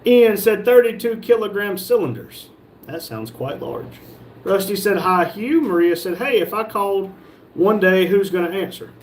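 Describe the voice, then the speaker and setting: Lively and high-voiced, this male livestream host speaks at a moderate pace from a shop, reading chat comments aloud and bantering with viewers. Some slight background noise is present.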